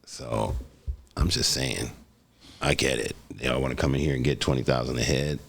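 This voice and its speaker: A man from Detroit, a guest on a podcast, talking in a laid-back, unhurried way. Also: rumbling low, creaky, no echo. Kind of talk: casual interview. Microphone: podcast microphone.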